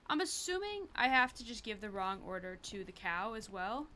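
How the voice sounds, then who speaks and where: A woman talks through a livestreamed game in a bright, forward voice, her pitch sitting in a middling range. She chats casually, swears freely and laughs at her own slips. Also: very animated, normal speed. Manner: chatty, sweary, self-mocking. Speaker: streamer. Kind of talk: casual gameplay commentary.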